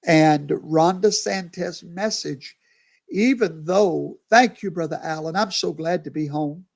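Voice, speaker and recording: Tired, slow male pastor. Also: fairly high pitch, creaky. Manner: chatty, talks to viewers by name. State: tired, yawning. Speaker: pastor hosting a livestream. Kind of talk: casual live commentary.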